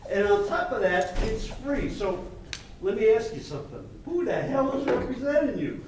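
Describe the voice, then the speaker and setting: A man performing a brash Hollywood agent, pitched high and full of wisecracking salesman patter. Heard in a live stage play, picked up from far off across a very echoey theater with faint hiss. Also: expressive, moderate pace. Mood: pushy. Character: brash fast-talking male Hollywood agent. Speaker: stage actor.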